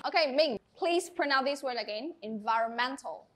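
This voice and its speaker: Teacher, woman, high crisp voice, clear and encouraging. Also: measured pace, bright, forceful tone, slight background noise. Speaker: English teacher. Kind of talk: classroom teaching. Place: classroom.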